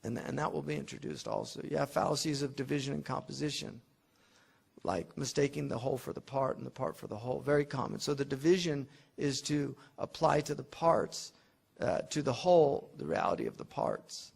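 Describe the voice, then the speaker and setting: Gravelly-voiced man lecturing. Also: medium pitch, fairly quick, a little mellow. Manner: conversational and digressive, with frequent restarts and fillers; explains with everyday examples. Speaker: teacher of classical logic. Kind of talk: unscripted classroom lecture.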